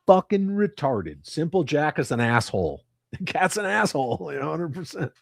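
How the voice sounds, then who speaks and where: A man's voice: a little high, very animated, normal speed, creaky, dry recording, studio quality. Profane joking man, livestream host. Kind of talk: casual chat with live viewers. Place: at home with his cats.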